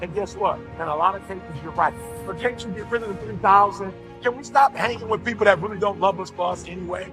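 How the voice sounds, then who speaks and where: A man's voice: high voice, quick pace, music in the background. A man giving an impassioned motivational speech with a preacher-like delivery. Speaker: motivational speaker.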